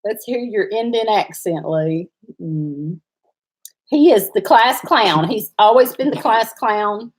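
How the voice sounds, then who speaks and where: A middle-aged Southern woman hosts a relaxed farm livestream. She talks at an easy clip, laughs often, and reads viewer comments aloud as she goes. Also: medium pitch, slow, husky. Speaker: host. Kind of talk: casual livestream chat.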